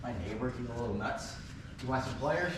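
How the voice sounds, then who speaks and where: A man's voice: medium pitch, a little fast. Joking man in an echoey shop. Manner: joking, teasing banter. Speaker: channel host. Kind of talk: casual shop-talk vlog. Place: auto repair shop. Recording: echoey, distant mic, loud noise.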